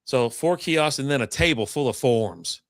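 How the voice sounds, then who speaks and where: A man's voice: medium pitch, expressive, moderate pace, dry recording, studio quality. A man hosting a casual chat, telling a rambling, profane story and acting out the people in it. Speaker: podcast host.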